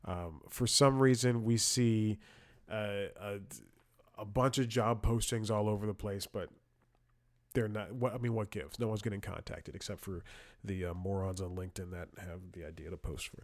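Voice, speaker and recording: A man's voice: lowish voice, steady tone, normal speed. A man hosting a comedy show, telling rambling stories with frequent chuckles and restarts, wry and blunt. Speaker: comedy podcast host. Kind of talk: rambling comedic storytelling and commentary.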